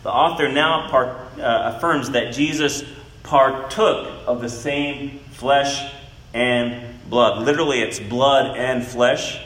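A man giving an expository Bible teaching, speaking in a deliberate, emphatic way and leaning on key words. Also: mid-range voice, a bit bright, reverberant, low-quality recording.

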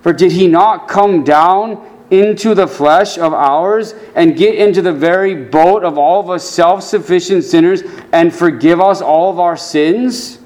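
Slow earnest preacher guy, kinda high voice, gets low and soft on the scripture quotes. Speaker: pastor. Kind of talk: sermon.

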